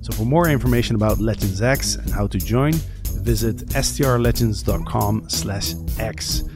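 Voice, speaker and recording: A man hosting a podcast, reading a scripted intro and then chatting in an upbeat, energetic way with guests. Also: lowish voice, normal speed, music in the background. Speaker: podcast host. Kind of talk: casual interview, scripted intro.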